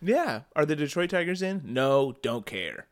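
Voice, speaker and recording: A man's voice: on the high side, big pitch swings, a little slow. Joking podcast co-host man. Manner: joking, laughs often. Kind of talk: casual chat.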